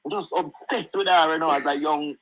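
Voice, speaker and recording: A man's voice: on the high side, steady tone, fairly quick, music in the background, poor audio. A middle-aged Jamaican man telling stories in casual chat, laughing often and saying "you know" at every turn.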